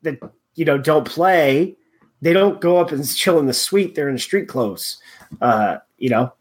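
A man hosting a casual sports chat, talking in halting bursts with many restarts and fillers. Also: on the high side, lively intonation.

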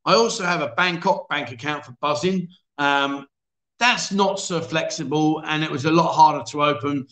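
A man's voice: fairly high pitch, moderate pace, fairly bright tone. A man hosting a casual livestream chat show, reading out viewer comments in a chatty, self-deprecating way. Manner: chatty, self-deprecating, frequent restarts and "mate". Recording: echoey room.

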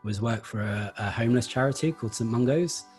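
A man explaining Feldenkrais practice in a relaxed interview, thoughtful and hesitant, with many fillers. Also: medium pitch, a little fast, faint music behind. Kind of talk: conversational interview.

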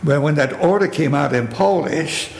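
Gravelly older man with a German accent. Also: fairly high pitch, normal speed. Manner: vivid storytelling, acts out quoted voices, rhetorical questions. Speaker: Holocaust survivor telling his story. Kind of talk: spoken testimony. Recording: echoey hall with faint noise.

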